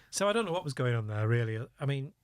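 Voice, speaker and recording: With a medium-pitched, clean voice and a slightly fast delivery, a middle-aged man who once worked undercover for the police shares vivid tales as a podcast guest and laughs along at his own anecdotes; there's no echo.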